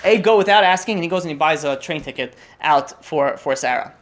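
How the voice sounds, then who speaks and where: Talking fast and expressively, a young man shares a story at a holiday meal, his words tripping over each other. His voice is somewhat high for a man, and he repeatedly starts over amid many fillers.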